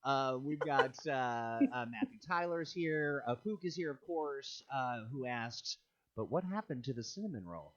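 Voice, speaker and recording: A man's voice: medium pitch, very animated, measured pace, fairly bright tone, highs cut off. Guy hosting a livestream chat, jokey, voice bounces all over, laughs a lot. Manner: joking, laughs often, playful asides. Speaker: host and show producer. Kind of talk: casual livestream chat, reading viewer comments.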